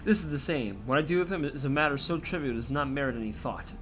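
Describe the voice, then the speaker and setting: A man reading a cruel, gloating dark saint. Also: mid-range voice, animated, faint music behind, close to an everyday voice. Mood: scornful. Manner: theatrical, sneering, drawn-out reading. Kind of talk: reading game dialogue aloud.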